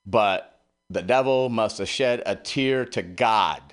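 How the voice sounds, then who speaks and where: A man's voice: on the low side, slow pace, soft background music. A middle-aged man hosting a radio show, rambling through a heartfelt personal monologue with plenty of swearing.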